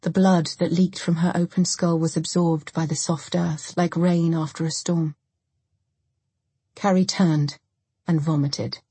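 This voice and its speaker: A woman with a low, very breathy and husky voice tells a dark story in a steady, measured way. The sound is close and dry, with no room echo at all. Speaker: audiobook narrator. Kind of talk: scripted narration.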